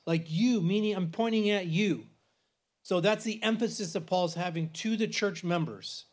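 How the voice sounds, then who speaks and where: A man's voice: high voice, normal speed. A man in his forties teaching a church bible class in a conversational way, with many restarts and frequent "right?" checks.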